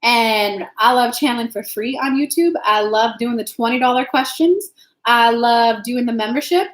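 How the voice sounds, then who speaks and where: A frank, chatty woman with a fairly high voice hosts a casual live stream as an intuitive reader. She talks straight to her viewers, calls them by name and swears without fuss. Her voice bounces around an echoey room. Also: normal speed.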